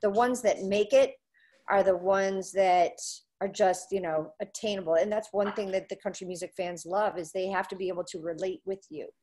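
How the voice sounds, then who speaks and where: There's a little hiss or hum behind this medium-pitched woman, who speaks at normal speed. A country radio personality, she tells anecdotes casually and animatedly performs what others said.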